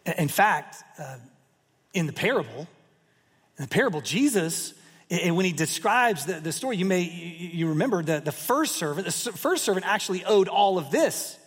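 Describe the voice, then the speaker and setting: A man preaching a sermon and retelling a parable with animated, emphatic repetitions. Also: high voice, normal speed, breathy edge. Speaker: pastor. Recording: long reverb of a hall.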